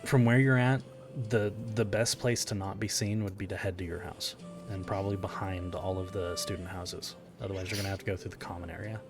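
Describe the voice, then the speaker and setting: A man narrating a tabletop game as game master, in measured, descriptive storytelling. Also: low voice, steady tone. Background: background music.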